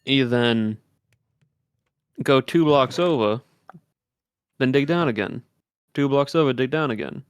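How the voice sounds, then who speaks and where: A man in relaxed chat with a streamer, rambling through his thoughts with plenty of fillers and restarts. He talks at a middle pitch and slips into explaining game tactics step by step. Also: unhurried, long pauses, clear, resonant tone, no echo, clean studio sound. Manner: rambling, full of fillers, gives game tips. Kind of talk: casual chat while gaming.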